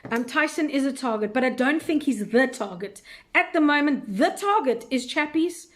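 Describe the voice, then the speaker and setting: A woman with a slightly high voice hosts a live recap chat. She thinks aloud with plenty of fillers and admits she is unsure as she answers viewers' questions. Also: expressive, normal speed, fairly bright tone.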